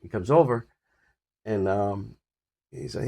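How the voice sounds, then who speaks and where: An older man with a husky voice casually rambling about his health on a phone recording, full of fillers and restarts. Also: on the low side, a little fast, darkish tone. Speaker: vlogger sharing his health journey. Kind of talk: casual personal update to camera.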